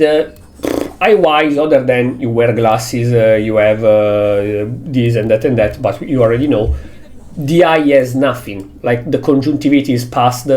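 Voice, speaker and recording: A man's voice: medium pitch, darkish tone. A man, a streamer talking casually to his chat in an exasperated, heavily swearing rant.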